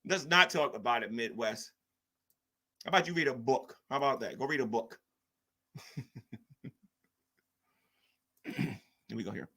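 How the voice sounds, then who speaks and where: A man's voice: mid-range voice, expressive, unhurried, long pauses, bright, forceful tone, slightly rough. Combative man ranting on a live stream. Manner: mocking, combative, reads chat aloud. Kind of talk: casual live-stream rant.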